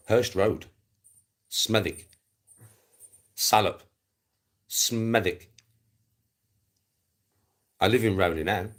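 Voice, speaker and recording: Black country bloke ranting on stream, low husky voice, swears a lot and keeps repeating himself. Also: male voice. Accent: Black Country English. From England. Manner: sweary, scornful, repetitive. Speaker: livestreamer. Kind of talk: angry livestream rant.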